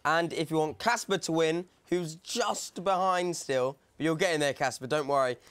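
A man's voice: on the high side, moderate pace, a bit bright, smooth. A man co-hosting a live charity stream, cheerful and encouraging as he urges viewers to donate. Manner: cheerful, encouraging, hypes the crowd. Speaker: livestream co-host. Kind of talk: upbeat live presenting.

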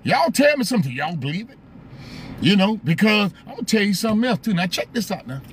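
A man's voice: high voice, very animated, fast. A man talks casually to his live stream audience. He keeps asking rhetorical questions and breaks off to greet viewers by name. There is faint noise in the background.

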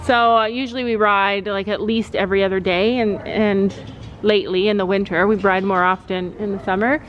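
A woman's voice: medium pitch, steady tone, a little fast, soft background music. A middle-aged woman hosting a family vlog, chatting to viewers about her daughter's riding. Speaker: vlog host, mother. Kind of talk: casual vlog narration at a horse arena. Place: horse riding arena. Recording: dull lo-fi camera audio with faint noise.

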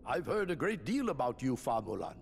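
An actor playing an aged, dignified emperor in a game cutscene, speaking in a measured, formal, ceremonious way. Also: male voice, medium pitch, very animated, creaky, in a large hall, a little hiss or hum. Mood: stately.

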